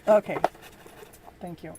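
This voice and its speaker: Woman giving a gentle tarot reading. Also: slight background noise. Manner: gentle, encouraging, halting delivery. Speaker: tarot reader and show host. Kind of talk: live tarot reading to viewers.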